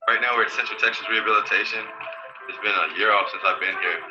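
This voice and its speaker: A man who was once a rehabilitation patient talks with casual enthusiasm and often calls people "man", on lo-fi audio with loud music behind. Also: fairly low pitch, fast, roomy sound.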